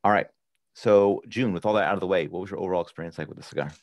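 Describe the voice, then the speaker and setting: A man hosting a casual podcast, reading off product details in a brisk list. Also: low-pitched, dry recording, studio quality. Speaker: podcast host.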